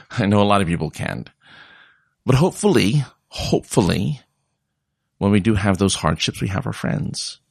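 Guy with a really low gravelly voice, swings his pitch a lot, just rambling on, dry sound. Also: lively intonation, moderate pace, pauses often, no room sound. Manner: rambling and conversational, mocking voices in quotes. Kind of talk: casual monologue.

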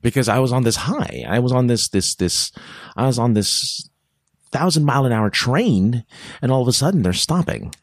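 A man's voice: mid-range voice, moderate pace, dry recording, clean studio sound. A man telling a rambling personal story in a casual monologue to his listeners, often cutting himself off mid-sentence. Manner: rambling, self-interrupting, animated storytelling.

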